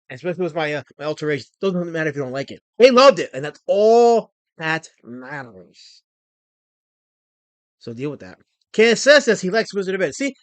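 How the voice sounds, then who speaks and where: A man's voice: high voice, a bit bright, no room sound. A man hosting a livestream, talking in a mock-pompous way to his chat, often stammering and repeating himself. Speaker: livestream host.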